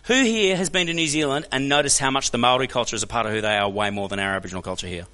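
An Australian man telling stories as a guest speaker to a church crowd, animated and joking, often putting questions to the audience. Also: mid-range voice, very fast. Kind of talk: energetic storytelling talk to a church audience. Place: church hall.

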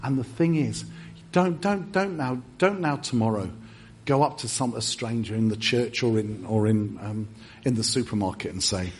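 English man, sermon storytelling, animated delivery, faint church ambience. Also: medium pitch, normal speed, a little hiss or hum. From England. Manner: animated storyteller, acts out quoted lines. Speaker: guest preacher.

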